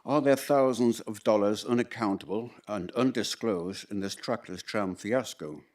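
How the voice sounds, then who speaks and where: During council question time, a man from the public presses pointed, insistent questions. His voice is lowish and a little mellow, and he talks at a normal speed.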